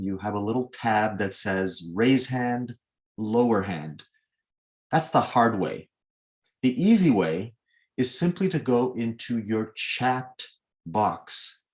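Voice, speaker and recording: A man moderating a video-call question session, courteous and lightly joking, with frequent ums and uhs. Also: mid-range voice. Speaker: moderator of an online Q&A.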